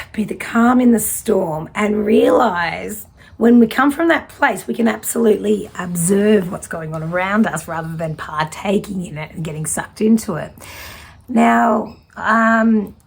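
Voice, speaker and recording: A woman's voice: medium pitch, unhurried, vocal fry, slightly rough. A woman, giving a casual tarot reading in a fiery, direct way. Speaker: tarot reader.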